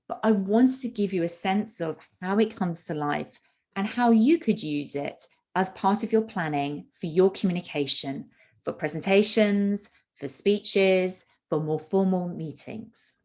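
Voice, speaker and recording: A woman communication coach giving an instructional talk, with a measured delivery that leans on stressed keywords. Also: mid-range voice, expressive, a little mellow.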